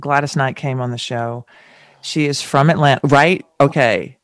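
A middle-aged woman from the American South, a guest in an interview, telling stories candidly and acting out quotes with sudden jumps in pitch. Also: normal speed, no echo, clean studio sound. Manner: animated, acts out quotes with pitch jumps and laughter. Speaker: guest, chef and TV personality.

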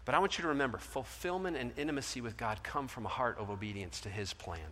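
A middle-aged male pastor preaching a sermon, telling a story and acting out the voices in it, swinging between loud and soft. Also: medium pitch, fast. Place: large church hall. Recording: long hall reverb.

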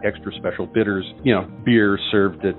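A man's voice: on the low side, fairly even intonation, moderate pace. A man co-hosting a comedy podcast, telling meandering anecdotes full of asides and restarts. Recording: phone-like audio with faint music.

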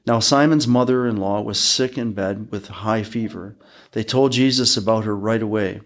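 A man hosting a podcast, reading Bible passages aloud in a measured, even way. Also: fairly low pitch. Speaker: podcast host reading scripture. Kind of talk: scripture reading.

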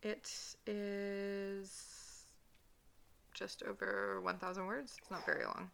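Bright-voiced woman chatting on a podcast. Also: medium pitch, flat delivery, takes it slowly, gravelly, clear, resonant tone. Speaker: podcast co-host. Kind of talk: casual chat.

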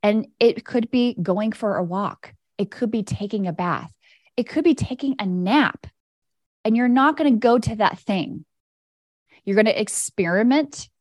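A woman's voice: mid-range voice, darkish tone, no room sound, clean studio sound. A woman hosting a spiritual coaching podcast, talking listeners through inner-child work in a soothing, direct, casual way. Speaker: podcast host and energy coach. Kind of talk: guided spiritual coaching talk.

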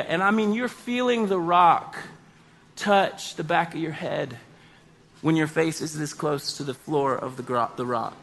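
A man telling a comedic personal story, animated and self-mocking, with exaggerated outbursts. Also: sits high.

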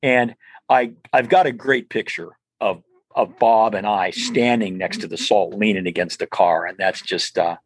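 A man's voice: lowish voice, normal speed, husky, no echo. An older man, a podcast guest, telling stories in a rambling, casual way full of restarts and asides. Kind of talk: casual storytelling interview.

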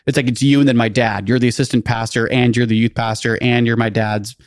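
A podcast co-host tells a story in loose, rambling chat, his mid-range voice staying level as he talks fast. He leans on lots of fillers and acts out the voices he quotes. The recording is clean studio quality with no echo.

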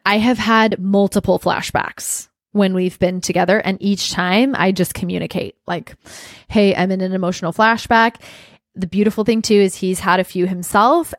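A young adult woman hosting a podcast tells a personal story, candid and heartfelt, with many "like" fillers and audible emotion. Her medium-pitched voice is studio quality with no room sound.

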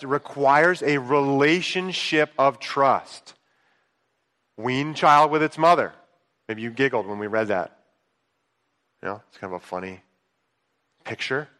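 A male pastor preaching a conversational sermon, swinging between hushed asides and excited outbursts. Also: medium pitch. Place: church sanctuary. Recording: long reverb of a large hall.

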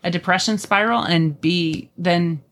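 A middle-aged woman with a fairly low voice tells family stories in a relaxed chat. She talks earnestly and often pauses with an um. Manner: earnest, storytelling with many ums. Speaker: podcast guest. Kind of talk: casual conversation.

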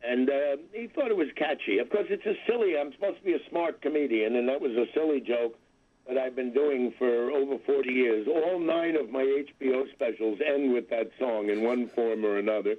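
A comedian in his seventies joins a phone-in interview as a guest, his medium-pitched voice moving a little fast. The tinny telephone line carries his wry, rambling talk and self-deprecating asides.

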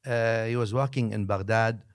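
A man, a religious scholar, telling a story as a podcast guest, lively one moment and dropping to a hushed near-whisper the next, with Arabic phrases woven in. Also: on the low side, normal speed. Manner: mixes Arabic phrases into his talk.

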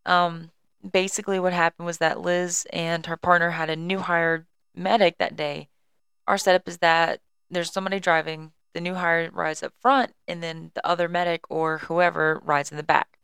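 A woman's voice: lowish voice, little pitch movement, moderate pace, a bit bright, clean tone, no echo. A young woman hosting a podcast from home, casually and chattily telling a work story and apologizing. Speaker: podcast host and EMS worker. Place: at home on a couch.

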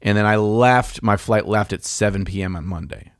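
A man's voice: on the low side, moderate pace, dry recording, clean studio sound. Rambling, laid-back man in casual chat.

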